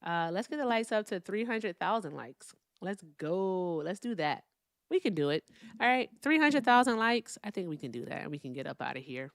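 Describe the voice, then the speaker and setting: A woman's voice: on the low side, very animated, normal speed, vocal fry, no room sound, studio quality. Chatty woman hosting a live call-in stream. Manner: chatty, swings between loud and hushed asides. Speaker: livestream host. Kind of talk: casual call-in chat.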